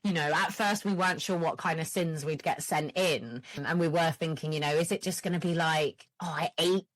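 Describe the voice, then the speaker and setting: A woman tells a story in casual podcast chat. Her voice is fairly low and she is animated and quick to swear. The recording is dry and close to the mic. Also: dry recording. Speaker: podcast host.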